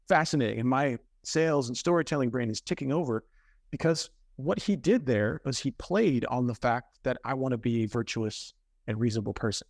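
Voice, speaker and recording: A man who is a podcast guest, telling a story in an animated, conversational way with quick self-corrections. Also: mid-range voice, dry recording, studio quality.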